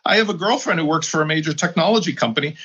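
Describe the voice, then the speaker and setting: A man argues his point bluntly and emphatically in a round-table chat, his voice sitting a bit high. The sound is dull and lo-fi. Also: racing, a bit bright, slightly rough. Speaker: regular panelist.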